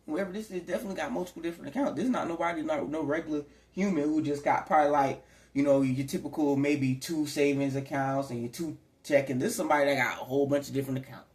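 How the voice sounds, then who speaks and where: A man with a fairly high-pitched but darkish voice offers a loose, meandering tarot reading to his audience on camera. He talks conversationally, sometimes performing quotes, and the recording has an echoey room sound.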